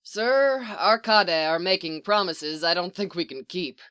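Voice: mid-range voice, animated, unhurried, pushed and bright, clean tone. A reader voicing a tired, profane clone soldier captain who bickers with his commander in a told story. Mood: gruff, bantering. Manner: swears a lot, blunt and scrappy. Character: weary soldier clone man, profane, teasing.

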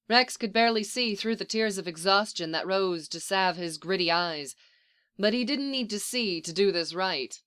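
Bright, crisp storytelling narrator. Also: mid-range voice, moderate pace. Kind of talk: audiobook reading of fan fiction.

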